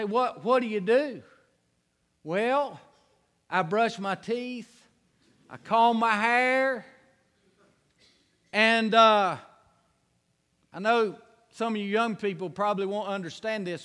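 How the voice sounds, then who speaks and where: High-voiced preacher in a reverberant hall. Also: male voice, sharp tone. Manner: folksy storytelling, rising to fervent preaching. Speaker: pastor. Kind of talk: sermon.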